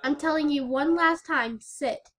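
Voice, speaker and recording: A woman playing a game and voicing its characters, with melodramatic shouts and whimpers. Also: high voice, measured pace, noisy background. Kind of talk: playful melodramatic game voice-over.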